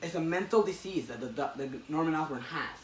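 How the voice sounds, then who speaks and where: A man hosting a casual comic-book chat podcast, excitedly retelling a story with many restarts. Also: fairly high pitch, brisk, a little hiss or hum. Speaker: podcast host. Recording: echoey room, distant mic.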